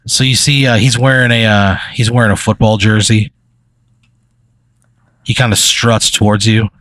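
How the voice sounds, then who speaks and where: A man's voice: fairly low pitch, flat delivery, moderate pace, a bit bright. A man running an improvised story game as game master, rambling with many fillers and chuckles.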